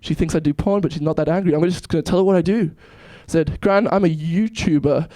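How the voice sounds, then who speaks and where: A young man from South Africa tells jokes in a stand-up set, nervous and self-deprecating. His voice sits fairly high for a man. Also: steady tone, fast talker, dark tone, no echo. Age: 20s. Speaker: stand-up comedian and YouTuber. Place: comedy club stage.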